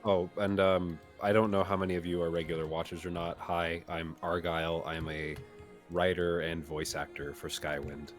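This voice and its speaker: A man's voice: low voice, little pitch movement, moderate pace, faint music behind. A man, a writer and voice actor, talking casually as a guest with a dry, wry sense of humour. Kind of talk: casual conversation.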